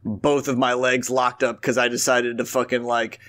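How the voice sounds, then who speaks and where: A man's voice: medium pitch, level tone, moderate pace, a bit bright. A man co-hosting a podcast, talking in a laid-back, profane, chatty way. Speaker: podcast co-host. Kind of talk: casual chat.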